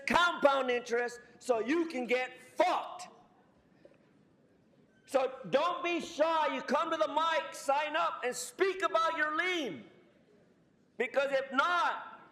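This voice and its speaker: Profane, taunting man at a council podium. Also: very high voice. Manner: profane, taunting, shouting at officials. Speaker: public commenter. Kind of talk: combative public comment speech. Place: city council chamber. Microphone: podium microphone.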